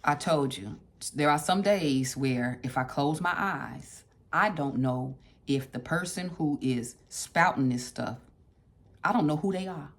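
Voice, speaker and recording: A low, slightly slow female voice guides an informal book club, mixing conversation with read-aloud passages. She repeats phrases for emphasis and asks her listeners directly.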